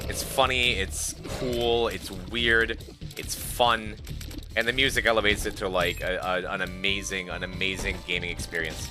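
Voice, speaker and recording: Tired man, lowish voice, rambling stream chat, repeats himself, game music behind. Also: steady tone, moderate pace. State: sleep-deprived.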